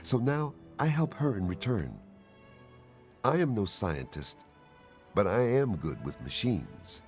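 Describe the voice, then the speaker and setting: An earnest game sidekick, low voice with lively intonation, formal phrasing, faint music behind. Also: male voice, takes it slowly, pauses often, exaggerated voice. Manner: formal, earnest, slightly stilted. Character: loyal male helper, earnest, handy with machines. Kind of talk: video game dialogue.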